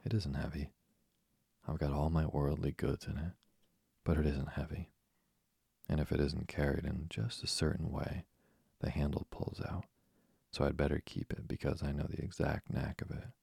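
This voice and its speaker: A man's voice: a bass voice, little pitch movement, moderate pace, creaky, mellow, husky, dry recording, studio quality, full character voice. A man voicing a chatty, imaginative orphan girl who rambles eagerly in a storybook reading. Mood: chattering.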